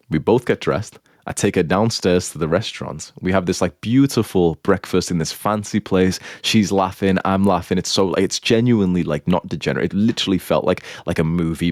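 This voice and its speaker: A man's voice: deep voice, a little mellow, no echo, studio quality. A young man with a blunt, crude manner, rambling through a casual monologue as a dating coach, filling his talk with "like". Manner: rambling, heavy use of "like".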